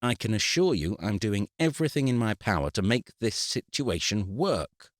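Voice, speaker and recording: A man's voice: fairly low pitch, big pitch swings, moderate pace, no room sound, studio quality, pitched above the performer's own voice. A man voicing a harried, exasperated man in his middle years, with a strained, pleading voice. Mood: forced calm.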